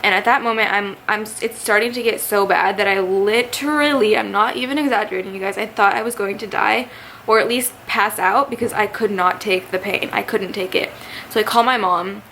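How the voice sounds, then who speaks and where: Talking to the camera, a vlogger in her twenties tells her story in a chatty, animated way, full of fillers. She speaks fairly quickly at a middling pitch for a woman, and a faint hiss runs beneath the recording.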